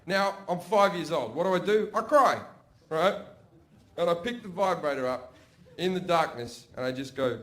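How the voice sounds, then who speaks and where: A man with an Australian accent telling profane, animated stories as a stand-up comedian. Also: on the high side, moderate pace. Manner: brash, profane, animated storytelling. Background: audience laughter.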